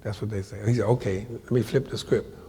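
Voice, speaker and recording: An older man telling a story from his life to a live audience, animated and colloquial, acting out the voices of the people in it. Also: fairly low pitch, brisk, slightly rough, in a large hall. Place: lecture hall before an audience.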